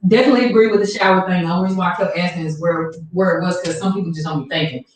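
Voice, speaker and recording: Fast-talking woman on an echoey distant mic. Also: fairly low pitch. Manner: fast, hedging with "you know". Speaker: radio show co-host. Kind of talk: casual panel chat. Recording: echoey room, distant mic, faint noise.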